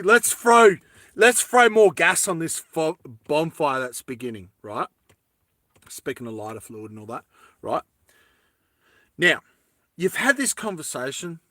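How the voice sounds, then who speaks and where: A man's voice: fairly high pitch, big pitch swings, takes it slowly, pauses often, sharp tone, no room sound. A man talking to his viewers in a rambling comic monologue, chatty and laughing between thoughts, full of casual slang. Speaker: vlogger.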